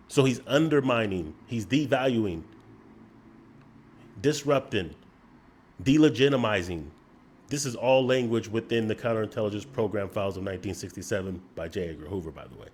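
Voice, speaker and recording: Male commentator, mid-pitched, slightly husky, measured and accusatory. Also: a little mellow. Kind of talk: critical commentary.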